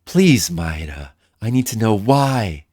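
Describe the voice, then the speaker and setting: A man's voice: lowish voice, very animated, slow pace, a little mellow, no room sound, studio quality, heavily acted. A man doing a sultry heroine's voice. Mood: pleading.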